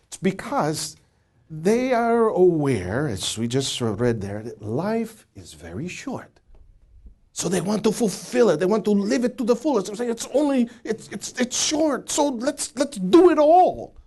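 A man's voice: on the high side, a little mellow. A middle-aged man teaching from the Bible to a studio audience, asking questions and restarting his words often. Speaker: preacher.

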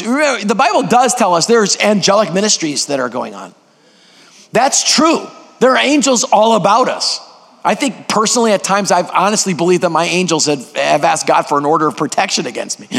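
A man's voice: high voice, creaky, a bit bright. A man preaching a sermon as a guest preacher, emphatic and putting questions to the congregation, in a church sanctuary. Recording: long hall reverb.

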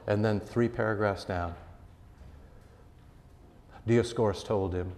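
A man, a pastor, preaching a sermon earnestly and emphatically, his voice rising and falling in loudness. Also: on the low side, steady tone, measured pace, long pauses, big-room sound.

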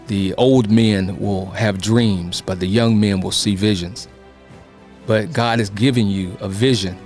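Deep-voiced minister sharing testimony. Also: male voice, a little mellow. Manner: storytelling, encouraging. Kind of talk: testimony sermon.

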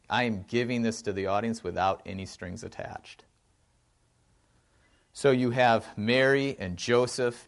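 Male discussion leader, low and gravelly, lively and thinking out loud. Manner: animated, thinks aloud with frequent restarts. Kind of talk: informal film discussion.

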